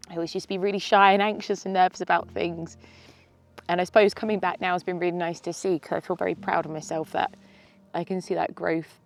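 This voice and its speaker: Woman in her 30s vlogging from a mountaintop, kinda gravelly, teary and sniffly, soft music underneath. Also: fairly low pitch, flat delivery, fast talker. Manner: tearful, sighing, laughing between sentences. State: teary with a snotty nose. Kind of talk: emotional casual vlog to camera. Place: outdoors on a mountain summit.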